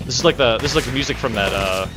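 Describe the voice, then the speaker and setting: Talking rapid-fire over loud music, a man with a medium-pitched voice streams a game live. He rambles and swears while reacting to the action and chatting with viewers in casual commentary.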